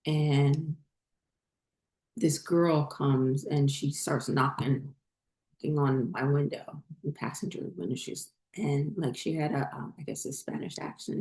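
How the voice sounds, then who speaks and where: A woman with a low, mellow voice tells a personal story in a loose, casual way. She rambles, circles back and fills pauses with fillers as she goes. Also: roomy sound. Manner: rambling, many fillers and restarts. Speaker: spiritual channel host.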